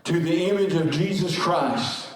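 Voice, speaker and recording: Fervent preacher in echoey church. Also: male voice, fairly high pitch, a little slow, a crowd in the background. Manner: fervent call-and-response preaching, shouting and chanting. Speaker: guest preacher. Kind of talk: sermon. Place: large echoey church sanctuary. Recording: echoey sanctuary from far off. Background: congregation responding.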